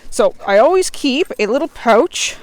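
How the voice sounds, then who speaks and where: A woman's voice: fairly high pitch, expressive, normal speed, no room sound. A woman dog trainer explaining commands in a friendly, plain way as she walks on a forest trail. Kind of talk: instructional vlog while walking dogs.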